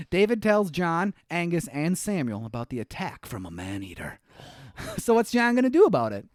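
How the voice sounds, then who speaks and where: Lively, chuckling podcast co-host. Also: male voice, on the high side, normal speed, no room sound, clean studio sound. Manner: rambling, searches for words, laughs often. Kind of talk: casual movie recap chat.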